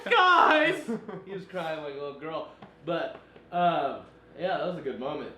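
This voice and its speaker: High-voiced, animated podcast man. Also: normal speed. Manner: animated storyteller, laughs often, swears freely. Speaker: podcast co-host. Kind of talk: casual chat. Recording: echoey room with faint noise.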